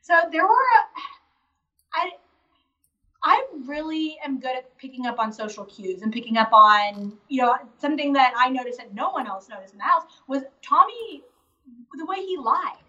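A high, sharp-toned woman chats freely as a guest over a video call. Her talk runs quickly and leans on casual fillers. The sound is distant and dull. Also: expressive. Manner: chatty, quick, heavy use of "like" fillers. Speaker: interview guest, reality show contestant. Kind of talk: casual live Q&A chat.

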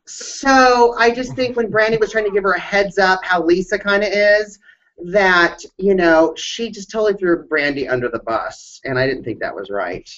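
A man's voice: high-pitched, normal speed, fairly bright tone. A chatty, giggly man with lo-fi audio. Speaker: podcast co-host. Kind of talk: casual recap chat. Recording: dull lo-fi sound.

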